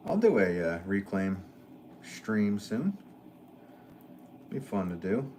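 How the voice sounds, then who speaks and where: A man's voice: lowish voice, very animated, slow pace, darkish tone, slight background noise. A man live-streaming from his pottery studio, chatting casually with viewers and answering their comments while he works clay.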